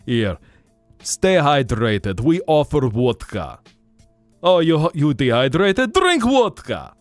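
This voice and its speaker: A man's voice: fairly high pitch, sing-song, slow pace, dry recording, faint music behind. A man voicing a boisterous male Russian host with a mock Russian accent, talking in a brash, teasing singsong. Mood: boastful.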